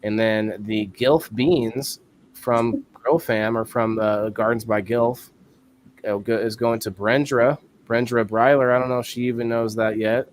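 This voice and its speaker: A man's voice: medium pitch, fairly even intonation, measured pace, slight background noise. A man in his thirties hosting a live-stream talk show in casual chat, rambling and thinking aloud with easy laughs.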